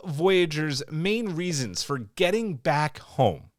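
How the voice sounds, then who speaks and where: Lively guy ranting on a podcast, swears a lot, voice swings all over, dry sound. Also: mid-range voice, normal speed, no room sound. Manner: animated, swears freely, ranting. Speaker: podcast co-host. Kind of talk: casual review chat.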